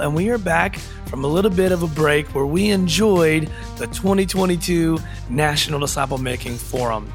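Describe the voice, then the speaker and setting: Male podcast host, bright upbeat intro, slightly high voice, faint music bed. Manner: upbeat, enthusiastic.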